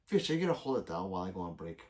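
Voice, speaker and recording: A man's voice: deep voice, very animated, very fast, darkish tone. A middle-aged man hosting a casual late-night livestream, reading chat aloud and answering viewers by name, rambling loosely and swearing often.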